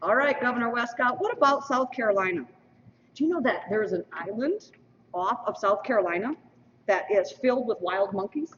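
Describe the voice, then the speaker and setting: A woman hosts a school mock election with playful, teasing asides. Her voice swings lively and rather high. The stream is dull and lo-fi, caught from well off the mic in a long-echo hall. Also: a little fast, recorded from a distance, a little hiss or hum. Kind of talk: lively announcing to an audience.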